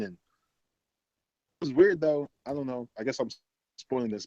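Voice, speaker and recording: A man's voice: medium pitch, moderate pace, pauses often, a little mellow, muffled recording, faint music behind. A man co-hosting a casual wrestling podcast, rambling through a match recap with lots of fillers and laughs. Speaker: podcast co-host. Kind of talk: casual chat.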